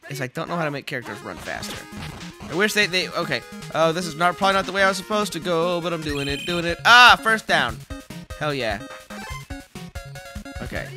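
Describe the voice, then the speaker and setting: A man giving casual, rambling commentary while playing a football video game, swearing and yelling at the screen. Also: fairly high pitch, very animated, a little fast, pauses often, music in the background. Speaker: let's play host.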